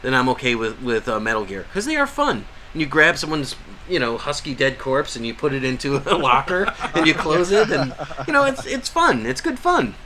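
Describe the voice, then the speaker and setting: A man's voice: mid-range voice, big pitch swings, fairly quick, a crowd in the background. A man co-hosting a live podcast in casual chat, joking and sarcastic, laughing often. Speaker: podcast co-host.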